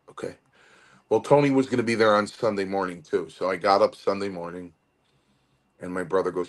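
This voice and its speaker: Low-voiced man, fifties, from Connecticut, rambling interview storyteller. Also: moderate pace. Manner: rambling, animated storytelling with restarts. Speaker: guest wrestler.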